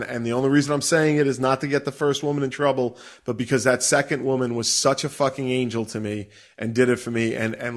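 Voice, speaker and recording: A middle-aged man telling a story in a casual, profane and animated way, laughing as he goes. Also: medium pitch. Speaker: podcast co-host.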